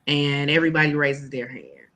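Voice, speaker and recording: A woman's voice: deep voice, steady tone, normal speed, a bit bright. A woman educator who talks in a casual way, telling stories and quoting her students and herself. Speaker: educator and guest. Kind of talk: casual podcast talk.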